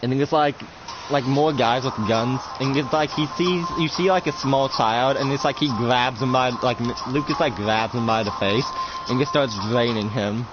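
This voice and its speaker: A man's voice: medium pitch, normal speed. A man narrating a casual role-play game as game master, rambling with lots of "like" fillers and some swearing. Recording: dull lo-fi with music behind.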